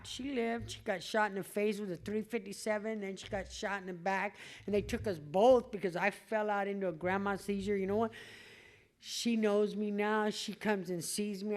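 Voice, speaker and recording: A middle-aged woman giving a blunt, swearing testimony at a recovery meeting, laughing at herself. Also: medium pitch. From California. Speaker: AA meeting speaker. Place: meeting hall before an audience.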